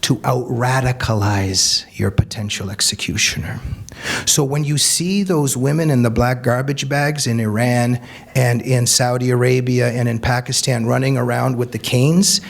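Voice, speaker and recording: A man's voice: mid-range voice, steady tone, normal speed, vocal fry. A man, an author, giving an earnest, emphatic speech to a live audience, telling anecdotes. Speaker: author and speaker.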